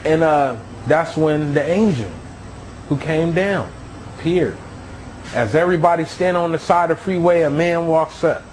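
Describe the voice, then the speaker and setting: A man's voice: fairly high pitch, moderate pace, a little mellow, slight background noise, low-quality recording. A man telling his own near-death story as a testimony, with emotional storytelling.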